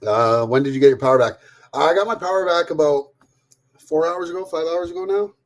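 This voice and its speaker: A man's voice: a little high, fairly quick. A middle-aged man from Canada, live-streaming while he cooks, chatting casually with viewers, greeting them by name and swearing freely. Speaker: livestreamer cooking while reading chat.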